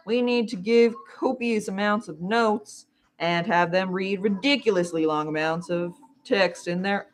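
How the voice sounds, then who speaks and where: Lady reading her textbook aloud all dramatic, cracking little jokes as she goes. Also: mid-range voice. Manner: dramatic read-aloud with playful asides. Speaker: vlogger.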